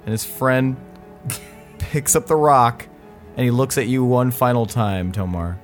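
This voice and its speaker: A man's voice: mid-range voice, a little slow, faint music behind. A man narrating as game master of a tabletop game, rambling with lots of "like" and laughing often.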